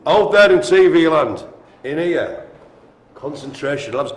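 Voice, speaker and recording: A man's voice: fairly high pitch, lively intonation, moderate pace, creaky. A man calling a live-streamed bingo game in an indoor room with a small audience, chatty and teasing. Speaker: bingo caller. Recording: echoey room.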